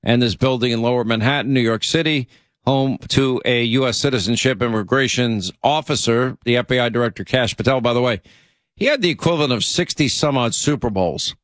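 A man hosting a talk radio show, speaking briskly and emphatically with many fillers. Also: mid-range voice, fairly bright tone, no room sound. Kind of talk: talk radio monologue and banter. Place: radio studio.

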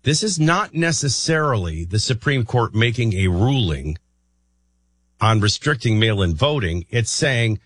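Husky and fairly low, this man's voice is very animated, rising and falling a lot as he speaks at a measured pace. Hosting morning talk radio, he rambles and thinks aloud, frequently restarting sentences, in a dry, close studio with no room sound.

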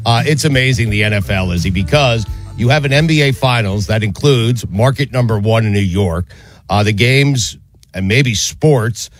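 A man's voice: medium pitch, soft background music. Emphatic male sports radio host. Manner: emphatic, quick to laugh, hands off to co-hosts. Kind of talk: casual sports talk.

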